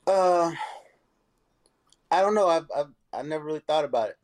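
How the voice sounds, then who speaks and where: A man's voice: a little high, animated, moderate pace, darkish tone. A man chatting casually with friends on a show, playful and boastful in a joking way. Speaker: co-host. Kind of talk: casual chat.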